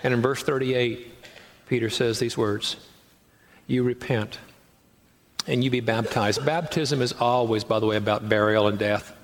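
A man's voice: mid-range voice, steady tone, unhurried, pauses often. Male pastor preaching in a reverberant hall. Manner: conversational preaching with acted-out quotes and rhetorical questions. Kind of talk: sermon.

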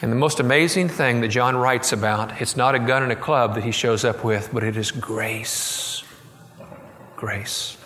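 Middle-aged male preacher, storytelling sermon, mid pitch, reverberant church hall. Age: middle-aged or older. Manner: storytelling, quoting, slowing and softening for tender moments. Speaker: pastor.

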